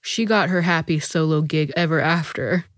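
A woman reading the lines of a calm, deep-voiced male comedian in his thirties, in a story. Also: moderate pace, dry recording, clean studio sound, lightly acted. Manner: calm, low, terse.

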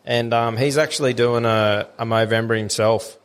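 Aussie podcast co-host, mid-pitched, laughs and swears through loose yarns. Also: male voice, fairly even intonation, moderate pace, clear, resonant tone. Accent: Australian. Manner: rambling, laughing storyteller, swears a lot. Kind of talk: casual chat.

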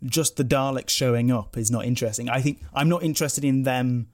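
A man's voice: medium pitch, fairly even intonation, brisk. Rambling male podcast co-host. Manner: rambling, many restarts and self-corrections. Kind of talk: casual chat.

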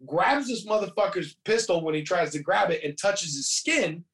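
A man casually recaps a movie's plot, rambling and swearing as he quotes the characters along the way. His voice is high-pitched and a bit bright, with lively intonation and a moderate pace. He is recorded from a distance.

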